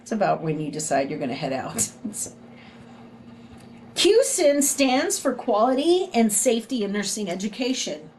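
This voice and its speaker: A woman's voice: mid-range voice, sing-song, a little slow, a little mellow, slight background noise. A middle-aged woman with a Southern US accent, giving a recorded nursing lecture in a conversational way, often adding "right?" to her points. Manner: conversational, frequent "right?" tag questions. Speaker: nursing instructor.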